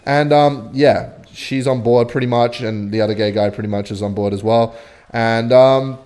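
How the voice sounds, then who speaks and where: A young man telling a rambling, swear-filled story while commentating his own gameplay, with sudden excited outbursts. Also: medium pitch, normal speed. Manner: animated, swearing, bursts of excitement while playing. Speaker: gaming vlogger.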